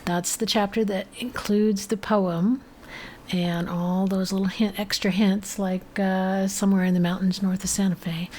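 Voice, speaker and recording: A woman co-hosting a live show, briskly reading out the schedule with a teasing edge. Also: mid-range voice, darkish tone. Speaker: co-host announcing the schedule. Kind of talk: casual live-show chat.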